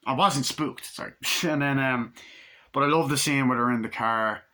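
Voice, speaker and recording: Bright-voiced man rambling through a film review. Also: mid-range voice, moderate pace. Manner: rambling, filler-heavy retelling that acts out scenes. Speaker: movie reviewer.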